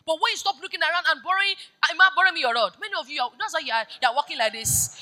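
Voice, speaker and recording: A woman pastor preaching a sermon. She moves between hushed storytelling and loud, urgent exhortation. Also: extremely high pitch, animated, racing, few pauses, low-quality recording.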